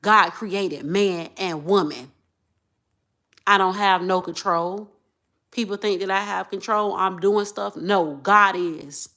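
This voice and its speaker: A woman, talking straight to her viewers in an emotional monologue. She repeats herself and swings from low muttering to loud outbursts. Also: slow pace. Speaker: vlogger.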